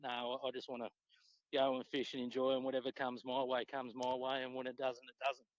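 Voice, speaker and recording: A man with an Australian accent, a podcast guest telling fishing stories in a relaxed, swearing, casual way. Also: a little fast, no room sound. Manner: laid-back, swears freely, acts out quotes with pitch jumps. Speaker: podcast guest, tournament angler. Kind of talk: casual storytelling chat. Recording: dull lo-fi dry sound.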